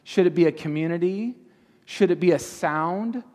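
Youth pastor guy, slightly high voice, keeps quizzing the crowd, long hall echo. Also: a little mellow. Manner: asks the audience many quick questions. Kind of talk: interactive youth teaching. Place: large hall with an audience. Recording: reverberant hall.

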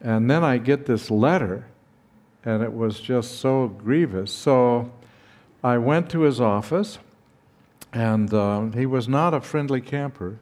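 Slow older man telling a story. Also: medium pitch, darkish tone. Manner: slow, dramatic retelling with acted dialogue. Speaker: speaker recounting his teaching past. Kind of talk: personal anecdote, storytelling.

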